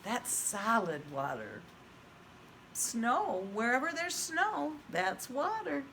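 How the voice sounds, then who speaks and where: A woman teaching preschoolers online, her voice swooping high and low in a lively, exaggerated sing-song. She talks slowly and carefully, asking the children questions as she reads aloud, with a faint hum of noise behind her. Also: creaky. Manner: asks the children questions and praises answers. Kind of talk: virtual read-aloud lesson for young children.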